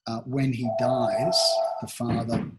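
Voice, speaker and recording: The recording is very noisy as this man, a talent agency founder from Australia in his sixties, speaks slowly and flatly at medium pitch. In a reflective interview he considers his answers, with plenty of fillers and restarts.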